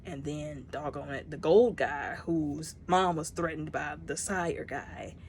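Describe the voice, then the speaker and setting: A woman's voice: deep voice, slow pace, a little hiss or hum. A woman giving a casual spoken movie review, retelling scenes and acting out the characters' lines.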